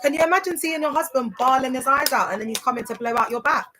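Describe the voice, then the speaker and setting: A woman's voice: sits high, fast talker, over music, poor audio. A young woman hosting a casual livestream, telling her story in an emphatic, chatty way and often checking that listeners follow. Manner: chatty, emphatic, keeps asking "do you get it?". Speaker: livestream host.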